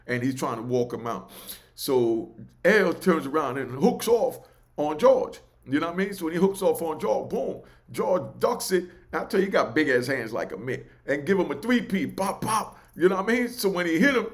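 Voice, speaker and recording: Animated storyteller. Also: male voice, on the high side, a little fast. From New York. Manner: animated, loose, keeps asking "you know what I mean". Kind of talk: casual oral storytelling.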